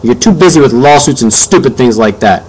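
A man's voice: mid-range voice, animated, fairly quick, a little mellow, a little hiss or hum, lightly acted, rough recording. A man voicing a stern, blunt grandmother who scolds her family with emphasis. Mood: scolding.

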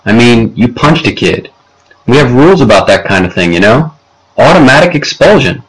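A man reading aloud, voicing a patient male school principal who speaks in a calm, measured, gently firm way. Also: medium pitch, breathy edge, poor audio. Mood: kindly.

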